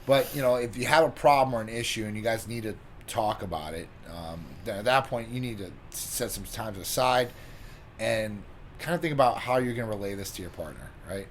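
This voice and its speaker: A man's voice: lowish voice, a little fast, slight background noise. A man co-hosting a health and lifestyle show, giving advice in a loose, casual way, full of "you know" and "like". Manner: relaxed, loose, many fillers like "you know" and "like". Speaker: co-host. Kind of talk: casual chat.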